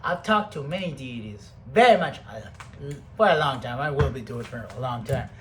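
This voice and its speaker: A man rambling through a profane, casual monologue to the camera, jumping between loud outbursts and soft mutters. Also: mid-range voice, lively intonation, fairly quick, noisy background.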